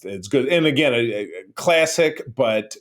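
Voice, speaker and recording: A man's voice: medium pitch, measured pace. A man co-hosting a casual podcast chat, jokey and acting out quotes as he talks. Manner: animated, jokey, acts out quotes. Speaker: podcast co-host.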